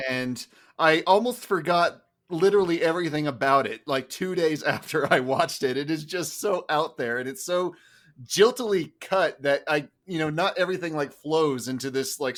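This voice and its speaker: Hesitant slightly high-voiced man. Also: fairly bright tone. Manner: hesitant, filler-heavy. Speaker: podcast juror. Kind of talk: casual podcast chat.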